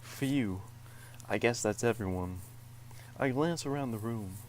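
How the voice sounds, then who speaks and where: A man reads a game's narration aloud with playful, mock-dramatic flair. His voice is mid-pitched. A faint background hiss sits under it. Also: moderate pace. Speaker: let's play co-host. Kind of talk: reading game narration aloud.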